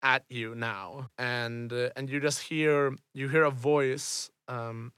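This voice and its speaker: A man's voice: medium pitch, steady tone, slow pace, fairly bright tone, clear, resonant tone, dry recording, studio quality. A man narrating a tabletop role-playing game as game master, rambling and restarting often as he describes scenes. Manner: rambling, full of fillers and restarts.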